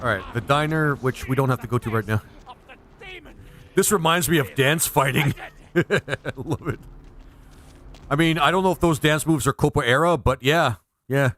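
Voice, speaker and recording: A man's voice: mid-range voice, normal speed, long pauses, fairly bright tone. A man streaming a video game, rambling and laughing in casual commentary. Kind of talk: casual let's-play commentary. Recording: roomy reverb with game music.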